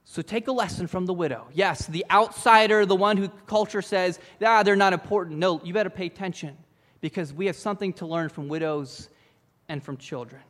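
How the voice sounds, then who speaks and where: A man preaching a sermon, telling a story with lively acted-out lines for its characters. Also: high-pitched, a little fast, in a large hall. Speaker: pastor.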